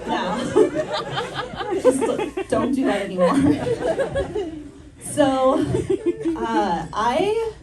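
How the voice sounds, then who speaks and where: Female stand-up in her thirties, higher voice that swings around a lot, heard from afar over a loud laughing crowd. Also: big pitch swings, extremely slow, long pauses, roomy sound. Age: 30s. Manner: chatty, self-deprecating, laughs through her lines. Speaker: stand-up comedian. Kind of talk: stand-up comedy set. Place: comedy show stage on a campus, indoors. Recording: distant stage mic with loud audience laughter. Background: audience laughing.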